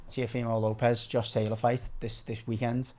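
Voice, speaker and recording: A man's voice: medium pitch, flat delivery, moderate pace, darkish tone. A man, a podcast guest chatting about sport in a rambling, agreeable way. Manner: rambling, restarts phrases, agreeable. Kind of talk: casual sports chat.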